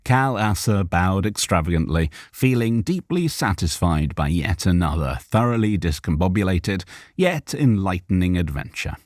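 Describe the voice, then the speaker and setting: A man's voice: sits low, sing-song, moderate pace, few pauses, no room sound. A man narrating an audiobook live on a studio microphone, reading aloud and stopping to correct himself.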